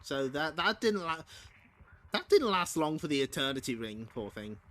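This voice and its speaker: A man's voice: a little high, big pitch swings, normal speed, pushed and bright. A man hosting a stream, reading a comic aloud and making casual, wry asides with frequent laughter. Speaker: streamer host. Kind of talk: casual comic read-along commentary.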